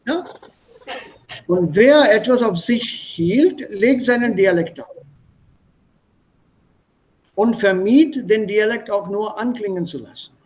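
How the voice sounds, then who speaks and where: A man's voice: sits high, slow, pauses often, darkish tone, poor audio. A man with an Indian accent teaching an online German class, explaining words through strings of English synonyms. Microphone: video call.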